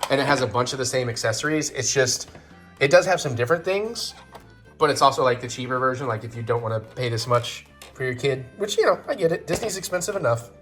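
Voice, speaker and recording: A man hosting a home vlog, joking and thinking out loud while he puts a toy together. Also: mid-range voice, animated, fast talker, faint music behind. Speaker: vlog host. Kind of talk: casual chat while assembling a toy set.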